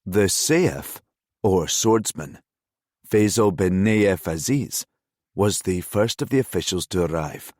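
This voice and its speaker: A man narrating a crime thriller audiobook in a measured, even-toned reading. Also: low voice, no room sound, studio quality. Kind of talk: scripted narration.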